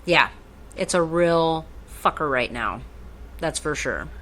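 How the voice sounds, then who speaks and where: A woman's voice: sits low, expressive, slow pace, a bit bright, a little hiss or hum. A woman co-hosting a podcast in casual chat, rambling and swearing freely. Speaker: podcast co-host.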